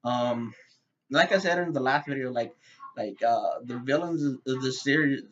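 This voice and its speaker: A man's voice: medium pitch, normal speed, fairly bright tone, lo-fi sound. Rambling man reviewing a show. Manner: rambling, many fillers and repeated words. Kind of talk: casual unscripted review.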